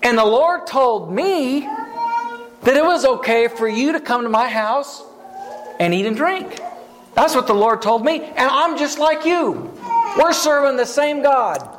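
A smooth-talking old prophet man coaxes and reassures in a very high-pitched voice, put on by a preacher. He sounds friendly and sly at once. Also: animated, measured pace, a bit bright, exaggerated voice, rough recording. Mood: coaxing.

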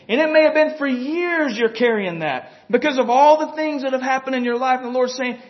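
A man's voice: very high voice, a little fast, hardly any pauses. A man preaching a sermon in a homey, conversational way, often chuckling and saying "you know" to the congregation. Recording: dull lo-fi recording.

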